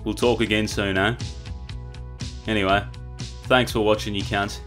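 A man with a broad Australian accent gives a slangy, swear-laced sign-off to his channel's viewers. His voice is bright and forward, with faint music behind him. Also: on the low side, level tone, moderate pace. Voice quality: crude, slangy. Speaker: youtuber. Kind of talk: outro thanks to viewers.

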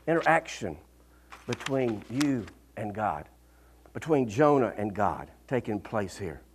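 A man preaching a sermon as a pastor, swinging between fervent peaks and quiet asides and often laughing as he talks. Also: lowish voice, big pitch swings, measured pace, slight background noise. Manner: laughs often mid-sentence.

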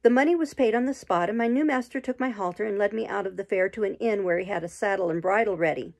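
A woman reading a classic novel aloud in slow, measured storybook narration. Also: medium pitch, gravelly, darkish tone. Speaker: audiobook reader.

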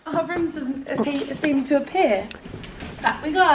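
A woman's voice: high-pitched, slow pace, roomy sound, noisy background. A young woman giggling and teasing as she chats through a travel vlog. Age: young adult. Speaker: vlogger. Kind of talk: casual vlog chat. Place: train station, hotel corridor and room.

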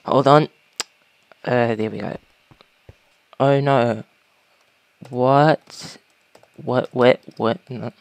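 A woman casually commentating a video game, talking to creatures and breaking into panicked shouts. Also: very deep voice, steady tone, extremely slow, creaky, long pauses, no room sound. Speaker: gaming YouTuber.

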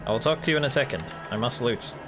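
A man's voice: mid-range voice, rapid-fire. A man giving casual, chatty commentary while playing a video game. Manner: chatty, relaxed, talking to himself. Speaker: gaming channel host. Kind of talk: casual let's-play commentary. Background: game music.

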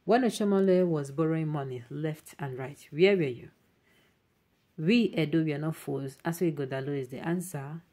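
A woman with a Nigerian accent and a low, dark voice hosts an online news show at a moderate pace. She reads viewer comments aloud, adding emphatic asides in Pidgin.

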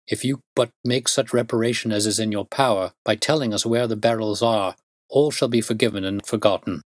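Man playing a raging banker father, shouting, lowish voice, dry sound. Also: fairly even intonation, brisk, no room sound, close to an everyday voice. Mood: stern pleading. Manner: furious shouting accusations. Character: outraged middle-aged male banker father.

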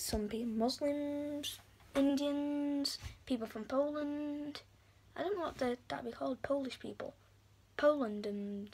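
An English woman talking casually to camera as a vlogger, rambling with quick self-deprecating asides. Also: high voice, a little mellow. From England.

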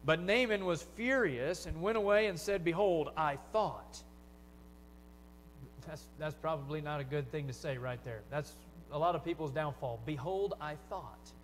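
Guy preaching in church, chatty, asks the room questions, kinda high voice, echoey hall. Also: brisk, hardly any pauses, fairly bright tone, a little hiss or hum. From United States. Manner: conversational preaching with rhetorical questions. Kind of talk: sermon. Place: church sanctuary.

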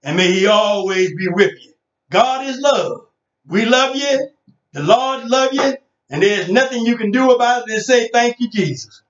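A man's voice: very high-pitched, expressive, normal speed, fairly bright tone. A man preaching as pastor, chanting his sermon in a rhythmic sing-song whoop with "and, uh" between phrases. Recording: roomy, distant, dull lo-fi sound.

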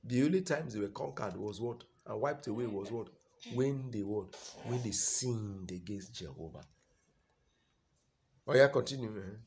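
A man's voice: fairly low pitch, animated, normal speed. Emphatic Nigerian man preaching a sermon. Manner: call-and-response questions, loud emphatic delivery.

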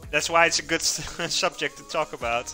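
Streamer host: man, bright and sharp-toned, animated, chatting with chat while cooking in a home kitchen, faint music behind. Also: a little high, moderate pace. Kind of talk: casual live-stream chat.

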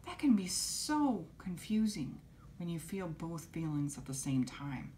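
A woman teaching young children, gently coaxing them to repeat simple phrases after her. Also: on the low side, sing-song, slow pace, a little hiss or hum. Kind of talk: children's lesson.

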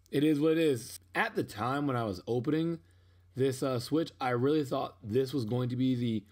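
A young man talking casually over his own unboxing video, rambling and poking fun at himself, with sudden excited outbursts. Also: medium pitch. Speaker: unboxing vlogger.

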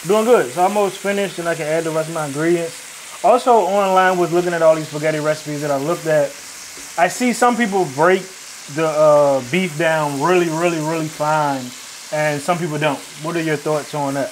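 A man's voice: fairly high pitch, moderate pace, a little hiss or hum, poor audio. Chatty man cooking in a contest. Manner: chatty, laughs often. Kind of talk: casual chat.

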